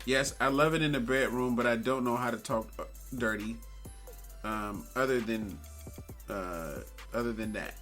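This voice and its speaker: Bright-voiced laid-back male podcast host. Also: mid-range voice, moderate pace, faint music behind. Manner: laid-back, laughs often. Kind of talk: casual chat.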